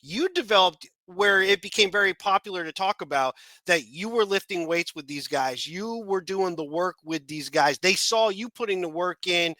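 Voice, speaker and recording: A male co-host asks long, winding questions. His voice is high and bright, with a dry sound. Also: lively intonation, moderate pace, few pauses, no echo. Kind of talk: casual chat.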